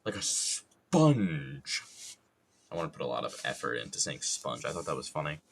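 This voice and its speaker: A man's voice: very deep voice, very fast, gravelly, bright, forceful tone, slight background noise. A young adult man streaming casually while wood carving, joking, rambling and swearing freely at his own expense.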